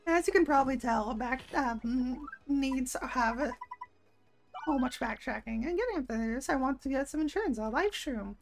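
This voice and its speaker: A woman's voice: high-pitched, lively intonation, moderate pace, faint music behind. A woman streamer giving casual, playful gameplay commentary, swearing and laughing often.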